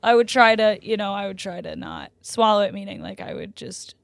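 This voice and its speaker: A woman's voice: a little fast, gravelly, no echo. A woman in her twenties co-hosting a podcast, chatting casually and telling stories animatedly with many "like" fillers. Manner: animated storyteller, many "like" fillers, gets loud and high when excited. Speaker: podcast co-host. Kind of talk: casual chat.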